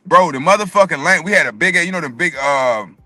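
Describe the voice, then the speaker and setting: A man telling a long story in casual chat, animated and profane, often repeating words. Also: a little high, fairly quick, dry recording. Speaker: podcast co-host telling a story.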